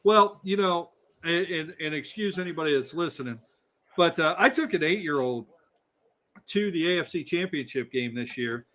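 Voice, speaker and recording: A man's voice: fairly high pitch, lively intonation, normal speed, pushed and bright. Ranting man on a casual livestream. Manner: blunt, ranting, swears freely. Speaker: livestream co-host. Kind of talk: casual race-watching chat.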